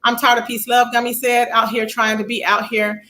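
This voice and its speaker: Woman streamer, high and sharp-toned, sassy and chatty, reading out chat as she talks. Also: level tone, moderate pace, low-quality recording. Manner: sassy, chatty, reads chat comments aloud. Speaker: livestream host. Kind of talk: casual livestream commentary.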